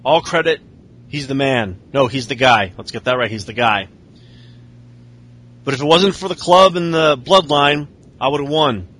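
A man mimicking a grudging, low-voiced male wrestler. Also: normal speed, pauses often, fairly bright tone, lightly acted.

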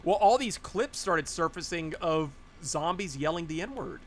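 A man co-hosting a casual podcast, telling stories excitedly and acting out the lines he quotes. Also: on the high side, measured pace, a little hiss or hum. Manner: excitable storyteller, acts out quotes. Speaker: podcast co-host. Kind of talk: casual chat.

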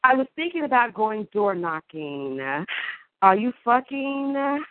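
A woman caller performing emphatic, playful spoken word on a call-in show, with deliberate delivery and wordplay. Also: fairly high pitch, big pitch swings. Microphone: phone. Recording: tinny phone line.

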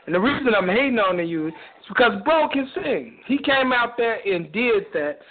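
A man calling in to a radio show, loud and teasing, who laughs a lot as he jokes with the others. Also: sits high, expressive, normal speed. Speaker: caller. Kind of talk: casual call-in banter. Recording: tinny phone line with chatter behind.

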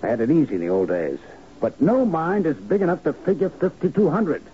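An actor in a 1970s radio drama playing a curt, shrewd manager who explains a cover-up. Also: male voice, a little high, sing-song, brisk, dark tone. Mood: explaining. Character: shrewd, weary male manager covering up killings. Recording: dull old radio broadcast with faint hiss.

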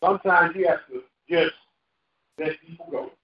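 A male pastor preaching a sermon with call-and-response, laughing at times and rising into shouts. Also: fairly high pitch, steady tone, moderate pace. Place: church sanctuary. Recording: echoey church hall, lo-fi. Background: congregation responding.

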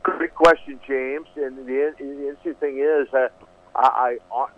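A man's voice: medium pitch, steady tone, a little slow, crowd noise. A man guest telling his story earnestly, often restarting and repeating words, speaking on a phone line. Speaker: guest, preacher. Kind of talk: storytelling testimony.

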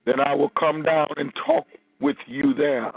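A man's voice: a little high, steady tone, unhurried, gravelly. A man preaching as a minister, reading and expounding scripture over a phone line.

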